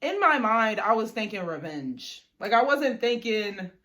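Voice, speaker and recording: A woman's voice: on the high side, very animated, measured pace, a bit bright. A young woman vlogger telling a personal story in a casual storytime, chatty and slangy with lots of "like" and "you know".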